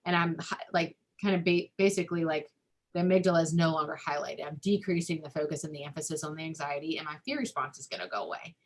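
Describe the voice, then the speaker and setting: A woman's voice: low-pitched, fast talker. A woman family therapist explaining ideas in a webinar-style talk, loose and conversational, with lots of "like" and "um.". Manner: talks through ideas with frequent "like" and "um" fillers.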